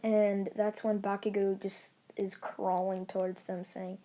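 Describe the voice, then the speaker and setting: A woman's voice: mid-range voice, flat delivery, a little slow, dark tone. A woman casually retelling a fan story, rambling along with lots of fillers and restarts.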